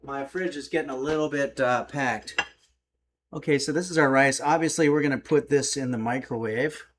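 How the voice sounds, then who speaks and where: A man's voice: mid-range voice, normal speed, a bit bright, a little hiss or hum. A man hosting a home-kitchen cooking stream, chatting casually and loosely with lots of fillers as he reads out viewer comments. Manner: rambling, filler-heavy, easygoing. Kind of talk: casual livestream cooking demo, reading chat.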